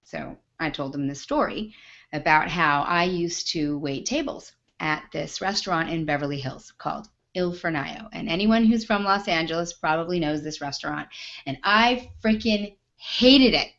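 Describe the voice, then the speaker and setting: Animated woman host telling a story. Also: deep voice, moderate pace, lo-fi sound. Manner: emphatic, animated, swears mildly for emphasis. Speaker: business coach and show host. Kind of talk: personal storytelling to camera.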